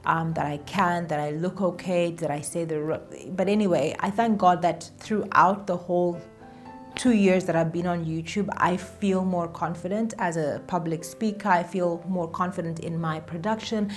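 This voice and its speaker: Woman YouTuber, lowish voice, casual and chatty to camera, faint music bed. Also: steady tone, moderate pace. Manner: chatty, self-deprecating, repeats herself for emphasis.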